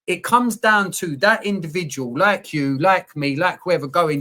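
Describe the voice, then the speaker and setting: A man telling his story in a candid conversation, open and animated, full of slang and the odd swear. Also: high voice, a little slow. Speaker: podcast guest, coach.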